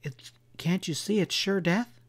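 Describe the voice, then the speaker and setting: A man's voice: a little high, expressive, normal speed, a little mellow, pitched above the performer's own voice. A stubborn young frontier woman who pleads urgently and turns bitter in a western audiobook, as a male narrator lifts his voice for her. Her voice sits well above the narrator's own.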